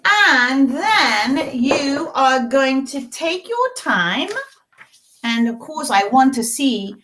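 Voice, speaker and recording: A middle-aged woman hosts a children's storytime, coaxing her young viewers in a sing-song voice. Her pitch sits high and swoops widely. She takes her time with every phrase. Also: sing-song, drawn-out words, background noise. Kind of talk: children's storytime and craft lesson in character.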